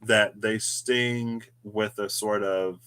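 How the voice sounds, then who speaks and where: A man's voice: lowish voice, steady tone, slow, sharp tone, clear, resonant tone. A man hosting a tarot reading video, musing aloud in a casual, rambling way with chatty asides. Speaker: tarot reader, channel host. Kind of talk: casual reflective monologue.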